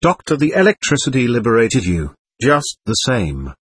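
A man reading the part of a calm, patient male doctor who explains things to a spirit, in a husky voice. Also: mid-range voice, normal speed, no echo, clean studio sound, exaggerated voice.

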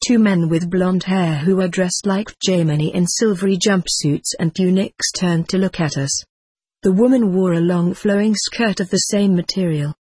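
A woman reading a first-person memoir aloud as an audiobook narrator, in a measured, descriptive way. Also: on the low side, darkish tone, husky, no echo.

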